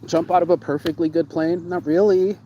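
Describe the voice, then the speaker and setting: A man hosting a casual chat, telling his travel stories in an excitable, profane way and repeating words for emphasis. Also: on the high side, a little fast, muffled recording, slight background noise. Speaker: show host.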